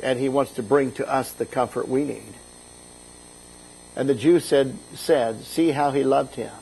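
A man's voice: medium pitch, fairly even intonation, a little slow, creaky, a little mellow, a little hiss or hum, rough recording. A middle-aged man, a bishop, preaching a conversational sermon, retelling scripture in a casual, folksy way and lifting his voice for quoted lines.

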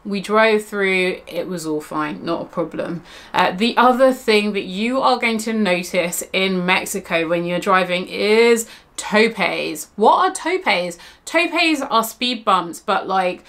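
A woman's voice: mid-range voice, a bit bright. A young woman gives travel tips in a casual vlog. She talks in a chatty, candid way, full of asides and "like". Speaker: travel blogger.

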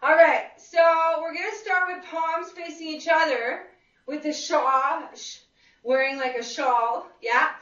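High, bright-voiced woman fitness instructor. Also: fairly even intonation, slow. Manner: upbeat, encouraging, calls out counts with cheers. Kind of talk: leading a live seated exercise class. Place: exercise room with a class present. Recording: echoey room, far from a dull lo-fi mic.

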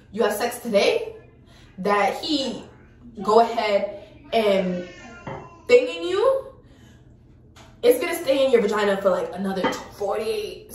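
A woman's voice: medium pitch, recorded from a distance, a little hiss or hum. Frank young woman in an echoey room. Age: early 20s. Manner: frank and animated, swears freely, addresses viewers directly. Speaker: vlogger. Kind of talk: casual storytime chat.

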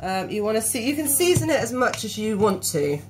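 With big pitch swings in a voice on the high side, a woman in her thirties chats fairly quickly through a recipe, instructing and coaxing her small son. It's a casual cooking demonstration shot on a hand-held phone in her noisy home kitchen.

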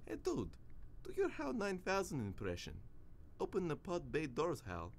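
A man's voice: on the high side, huge pitch swings, moderate pace, a little hiss or hum. An actor playing a laid-back, self-mocking young male musician surviving a wasteland.

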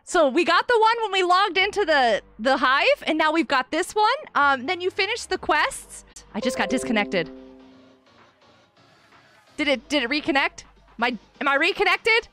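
A woman live-streaming a block-building game, excitedly chatting with viewers and cheering players on. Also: sits high, moderate pace, soft background music. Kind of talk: live Minecraft stream chat.

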